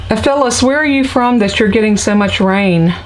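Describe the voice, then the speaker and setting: A middle-aged woman with a friendly Southern North Carolina accent, talking viewers through a crafting project live from her home craft room. She chats in a folksy, unhurried way, calling her audience y'all and filling pauses with ums. Her voice sits at an ordinary middle pitch for a woman. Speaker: crafting livestream host. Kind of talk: casual live tutorial chat.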